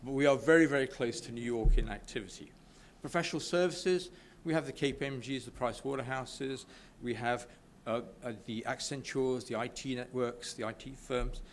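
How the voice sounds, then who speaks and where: A man's voice: medium pitch, normal speed, few pauses, a little hiss or hum. A man from the UK speaking informally at a business networking event, full of enthusiasm, often stumbling and restarting his sentences. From United Kingdom. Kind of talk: informal speech to an audience. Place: event room with a live audience.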